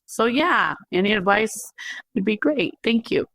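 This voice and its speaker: A woman's voice: mid-range voice, expressive, a little slow, a bit bright, no room sound. A woman leaving a voice message for an advice show, speaking hesitantly and holding back tears. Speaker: caller. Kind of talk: recorded voice message.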